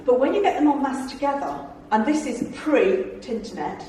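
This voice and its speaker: A woman in her fifties tells humorous stories to a live club audience, bantering with listeners and laughing between lines. Her voice sits a little high. The recording is distant, with heavy room echo. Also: animated, moderate pace, warm tone, a little hiss or hum. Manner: chatty and jokey, laughing often and bantering with the audience. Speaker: guest speaker at a club. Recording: echoey room from far off.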